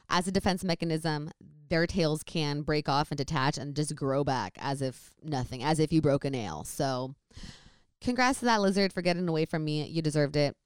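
A woman's voice: deep voice, darkish tone, clear, resonant tone, no echo, clean studio sound. A young woman from the Bay Area, telling a story in chatty, casual talk full of "like". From San Francisco Bay Area, California. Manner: chatty, lots of "like". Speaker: vlogger.

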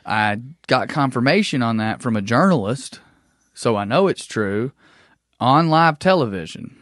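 A man's voice: mid-range voice, lively intonation, unhurried, a bit bright, dry recording, studio quality. A young man, co-hosting a podcast with wry, teasing banter in casual chat. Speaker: podcast co-host.

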